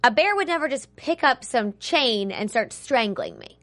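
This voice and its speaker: Woman, bright tense voice, slightly high, opinionated casual chat. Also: lively intonation, moderate pace. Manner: earnest, opinionated, thinks aloud with fillers. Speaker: podcast co-host.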